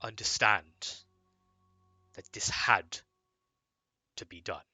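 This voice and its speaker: Man doing a grave slow-talking warden, formal and solemn, bright dry tone. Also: lowish voice, husky, dry recording, faint music behind, heavily acted. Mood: stern. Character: stern older male town warden, grave.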